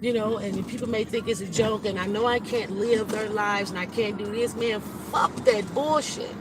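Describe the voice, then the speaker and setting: A woman's voice: medium pitch, steady tone, moderate pace. A woman live streaming while she drives, rambling, blunt and swearing heavily, upset and fighting back tears. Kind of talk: emotional live-stream monologue. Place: inside a moving car. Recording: loud road and engine noise.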